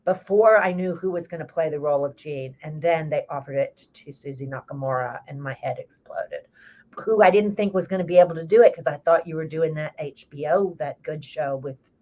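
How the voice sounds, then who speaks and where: An older woman with a Texas accent chats casually, and her voice sits a little low. She tells her stories in long, rambling turns. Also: fairly quick, a little mellow. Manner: chatty, rambling storyteller. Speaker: stage actress co-hosting the chat. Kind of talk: casual chat.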